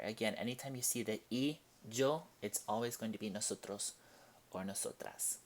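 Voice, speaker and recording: A man teaching a Spanish lesson, explaining each point slowly and deliberately and reading out example sentences. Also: on the low side. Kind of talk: classroom-style language lesson.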